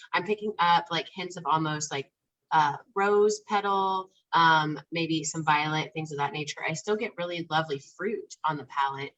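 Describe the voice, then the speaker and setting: A woman's voice: lowish voice, bright, forceful tone, rough recording. A woman giving a wine tasting description, articulate and descriptive with casual fillers. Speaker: tasting room staff.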